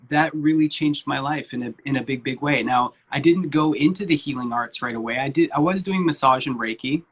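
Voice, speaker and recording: Candid man with a husky voice. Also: medium pitch, a bit bright. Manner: candid and informal, swears casually, many fillers. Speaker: guest speaker, spiritual coach. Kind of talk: candid personal storytelling.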